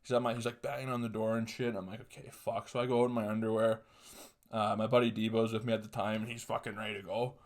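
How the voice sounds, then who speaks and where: Speaking low, flat, and quick, a podcast host in his twenties tells a crude story from his own life. Profanity comes easily, laughter keeps breaking through, and the whole thing wanders in a relaxed, offhand way.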